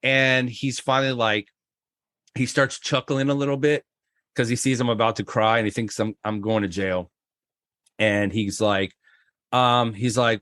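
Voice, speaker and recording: A man's voice: steady tone, unhurried, a bit bright, no room sound. Guy from florida telling a wild story on a podcast, acts out the voices, dry close mic. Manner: acts out quoted voices, jumping high in pitch. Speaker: podcast guest. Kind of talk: animated storytelling.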